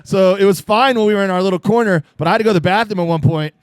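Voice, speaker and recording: A man from Florida spins loose, rambling comic stories, packed with "like" and "uh" and breaking into laughs. His voice sits a touch higher than most men's. The sound is close and dry, with almost no room around it. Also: racing, clear, resonant tone, no room sound. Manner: rambling, laughing storyteller with many fillers. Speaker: guest comedian. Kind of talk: casual storytelling chat. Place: live podcast taping at a venue.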